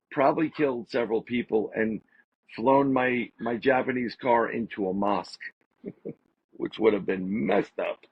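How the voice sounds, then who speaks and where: A man, a podcast guest, telling a story in a casual, animated way and repeating phrases for emphasis. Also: mid-range voice, gravelly, slightly rough, no echo. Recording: slightly dull lo-fi audio.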